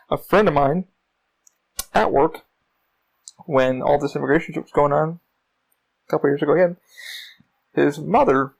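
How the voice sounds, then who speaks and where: Male podcast host, gravelly slightly high voice, rambling solo rant with constant swearing. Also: poor audio. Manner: rambling, heavy profanity, frequent fillers. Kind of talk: casual solo monologue.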